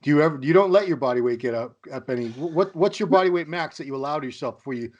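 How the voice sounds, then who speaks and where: A man's voice: fairly high pitch, lively intonation, rapid-fire, highs cut off. A man hosting an interview, chatty, asking long looping questions. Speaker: interview host, magazine editor. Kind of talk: casual interview talk.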